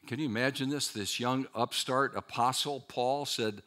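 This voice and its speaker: A man preaching a chapel sermon at a seminary, lively and dramatic, with rhetorical questions and wry asides to his listeners. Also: mid-range voice, moderate pace, hardly any pauses.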